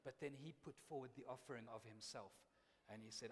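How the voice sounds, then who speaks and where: A man preaching a sermon as a missionary, dramatic, swinging between loud emphasis and hushed quiet. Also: mid-range voice, a little fast, breathy edge. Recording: long hall reverb.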